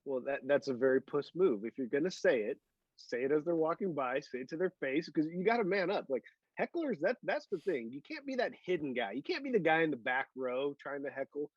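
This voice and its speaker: A man talking very fast and bluntly on a casual golf podcast, hammering his points with repetition. His voice sits a little high. The sound is dry and slightly dull. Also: sing-song, slightly rough, no echo. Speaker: podcast co-host.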